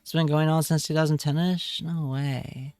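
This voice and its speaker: A man's voice: on the high side, fairly even intonation, moderate pace, darkish tone, clean tone, no room sound, clean studio sound. A man chatting casually on a live stream, reading chat aloud and joking around. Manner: playful, jokey, reads chat aloud.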